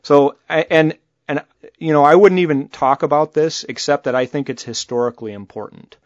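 A man's voice: a little high, a little fast, no room sound, muffled recording. A man co-hosting a podcast, talking casually and bluntly, cursing freely. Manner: blunt, animated, swears freely. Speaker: podcast co-host. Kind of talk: casual political chat.

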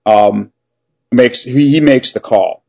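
A man's voice: medium pitch, slow pace, gravelly, warm tone, dull audio. A man co-hosting a podcast, chatting casually and giving short agreeing replies. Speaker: podcast co-host. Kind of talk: casual chat.

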